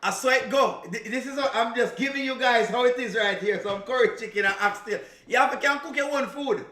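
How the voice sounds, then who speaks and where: This Jamaican reaction streamer has a very high-pitched, pushed and bright voice, speaking briskly in a roomy space. He chats casually on a live stream with a Jamaican accent, teasing, laughing and slipping into patois.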